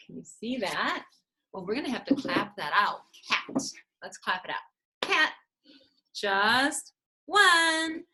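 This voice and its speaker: A woman speech therapist teaching preschoolers, talking in a sing-song, drawn-out way and clapping out syllables. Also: medium pitch, pushed and bright, low-quality recording. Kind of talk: slow, sing-song teaching to young children.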